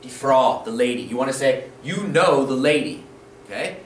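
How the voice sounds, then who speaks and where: In a video language lesson, a man with a mid-range voice and lively intonation speaks at a moderate pace, patiently encouraging learners and repeating the rules with frequent "okay?" check-ins. He's recorded from a distance, slightly off-mic, with a roomy echo and faint room noise.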